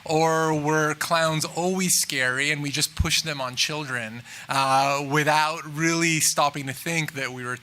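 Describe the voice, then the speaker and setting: Halting, bright-voiced man musing aloud. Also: a little high, fairly even intonation. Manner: halting, many fillers and restarts; thoughtful, musing. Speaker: film director. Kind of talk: press junket interview.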